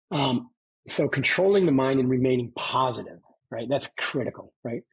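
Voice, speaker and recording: On lo-fi audio, this male podcast guest, once a Navy SEAL, recounts his experiences like a coach, stressing points and checking in with "right?" again and again. He speaks a little fast in a mid-range voice with a breathy edge.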